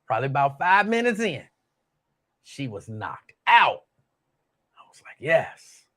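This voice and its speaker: Older man rambling through a lively story. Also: medium pitch, a little slow. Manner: rambling, storytelling, laughs easily, Southern US Black vernacular. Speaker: host. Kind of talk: casual solo talk show chat.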